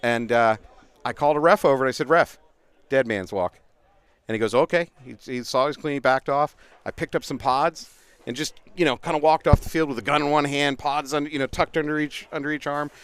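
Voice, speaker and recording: New guy, middle-aged, smooth clear voice, chatty animated storyteller on a stream. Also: fairly high pitch, fairly quick, no echo. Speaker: paintball commentator. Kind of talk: casual storytelling on a livestream. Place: outdoors at a paintball event.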